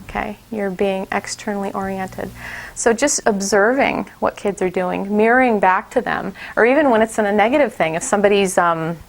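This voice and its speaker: A woman's voice: medium pitch, moderate pace, gravelly. A middle-aged woman giving a casual workshop talk to teachers, chatty, with many fillers and restarts. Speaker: teacher trainer.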